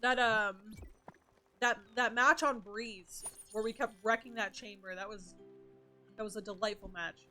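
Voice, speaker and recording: A young adult woman streaming a game, excitable, swearing freely and chatting with viewers. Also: medium pitch, a little slow, soft background music. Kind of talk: casual gaming livestream.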